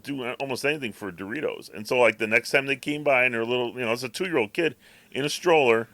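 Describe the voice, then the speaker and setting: A man's voice: mid-range voice, fast talker, sharp tone, dry recording. A man co-hosting a podcast, telling a long, rambling story in casual chat and acting out his cat's thoughts. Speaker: podcast co-host.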